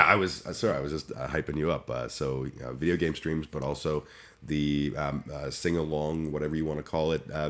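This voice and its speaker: A man's voice: rumbling low, a bit bright. A man chatting casually on his livestream, rambling and self-deprecating with lots of restarts. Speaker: streamer.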